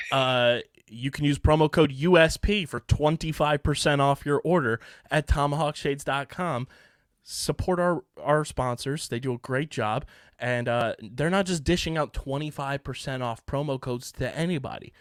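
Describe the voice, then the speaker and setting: Casual podcast host, man, mid-pitch, jokey, dry close sound. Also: no room sound. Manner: jokey, filler-heavy, quick. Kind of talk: casual podcast chat with sponsor read.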